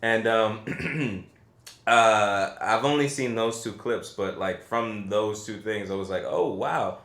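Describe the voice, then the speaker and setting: Lowish-voiced guy chatting about a movie, keeps restarting and trailing off, roomy echo. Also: fairly even intonation, takes it slowly, fairly bright tone. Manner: hesitant, trailing off, many restarts. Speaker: podcast co-host, film reviewer. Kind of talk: casual film review chat. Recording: echoey room.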